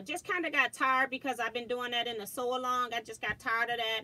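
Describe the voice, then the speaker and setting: A woman's voice: a little high, sharp tone, low-quality recording. A middle-aged woman hosting a casual quilting livestream, chatty and laughing often as she reads viewer comments aloud. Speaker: quilting channel host.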